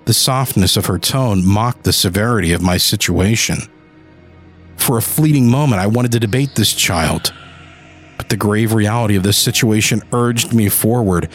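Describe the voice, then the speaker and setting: A man narrating a first-person audio drama, turning desperate and pleading in his own lines. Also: on the low side. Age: adult. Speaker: narrator and lead character.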